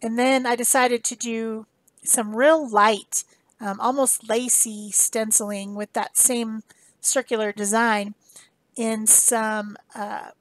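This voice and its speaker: A woman with a fairly high pitch and flat delivery speaks slowly, with no room sound, in a casual voice-over demonstrating her mixed media art. An art instructor, she's chatty and rambling and often corrects herself as she goes.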